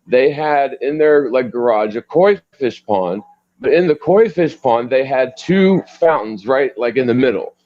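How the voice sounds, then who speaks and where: A man's voice: mid-range voice, expressive, a little slow, muffled recording. A man telling a story in a casual panel discussion, rambling and full of "like" fillers.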